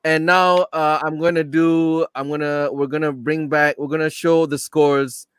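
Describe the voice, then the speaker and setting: A man's voice: a little high, level tone, normal speed, fairly bright tone, clear, resonant tone, dry recording. A man hosting an online comedy open mic, speaking Malaysian English, teasing the comic and laughing often. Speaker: comedy club host. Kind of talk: casual live emcee banter.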